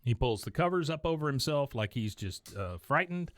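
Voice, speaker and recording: A man's voice: mid-range voice, lively intonation, normal speed, no room sound. A man co-hosting a podcast, casually recapping an episode scene by scene and briefly lifting his voice for quoted lines. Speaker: podcast co-host.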